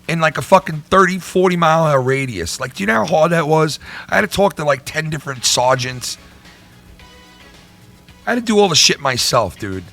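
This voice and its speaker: A man's voice: a little high, expressive, brisk, vocal fry, sharp tone, faint music behind. A middle-aged man hosting his own channel, ranting in a heated, profane way and repeating himself. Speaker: YouTube channel host. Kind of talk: vlog rant to viewers.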